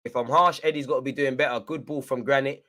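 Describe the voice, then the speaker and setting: A young football fan commentates on a match live, all excitement, shouting encouragement at the players and veering between frustration and hype. He's a fast talker with a mid-range voice.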